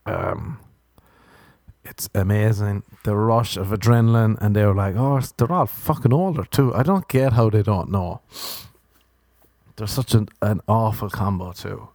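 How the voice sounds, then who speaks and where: Irish man, low-ish voice, dry close sound, sweary deadpan ranting comic. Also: unhurried, long pauses, no room sound. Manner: sardonic, profane, self-mocking. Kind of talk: comic rant.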